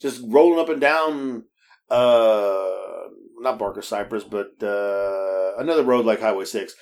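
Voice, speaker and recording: In a fairly low voice and at a slightly slow pace, a male podcast co-host tells stories in casual conversation. He's lively and laughs frequently, curses freely, often starts sentences over, and acts out quoted voices.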